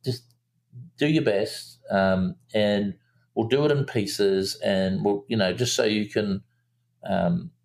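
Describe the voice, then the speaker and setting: Gravelly low-voiced man telling stories. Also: slow pace. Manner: animated storyteller, acts out quotes in a raised voice, many fillers and restarts. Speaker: film director guest. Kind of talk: casual storytelling interview.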